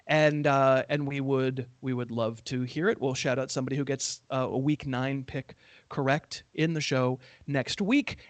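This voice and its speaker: A man hosting a casual sports betting show, talking in a relaxed, self-deprecating, wry way. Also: a little high, no room sound. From California. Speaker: host.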